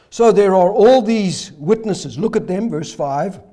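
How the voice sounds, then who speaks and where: A man preaching a sermon with rhetorical questions, hoarse, his voice failing and breaking into coughs. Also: high-pitched, slow pace, warm tone. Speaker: pastor.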